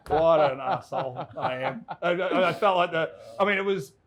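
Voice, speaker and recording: An Australian man with a fairly high voice tells stories in an animated, laughing way. He often stops and restarts his sentences, like a guest chatting casually in a pub. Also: normal speed. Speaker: guest, entertainment reporter. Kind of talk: casual storytelling chat.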